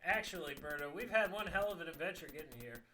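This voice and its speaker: A boastful ladies' man who rattles off his exploits in a bragging, rambling way, as a man reads him. His voice sits high for a man, with music clearly playing behind. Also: animated, fast talker, close to an everyday voice.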